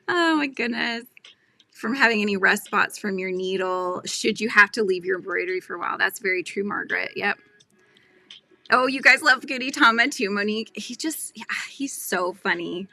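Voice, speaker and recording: A woman in her forties hosts a casual craft livestream, chatting while she works and greeting viewers from the comments. Her mid-range voice is gravelly with a sharp tone, moving at a moderate pace amid frequent laughs and fillers.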